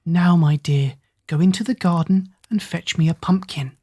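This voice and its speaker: A woman voicing a kindly old fairy godmother who speaks in a feeble, croaking voice. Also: fairly low pitch, moderate pace, mellow. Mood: commanding.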